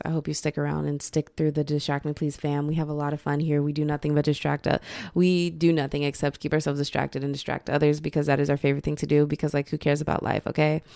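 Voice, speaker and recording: A woman's voice: sits low, monotone, brisk, vocal fry, warm tone, dry recording. A tired young woman hosting her own podcast, chatting in a rambling, self-mocking way late at night. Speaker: podcast host. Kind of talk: casual solo podcast chat.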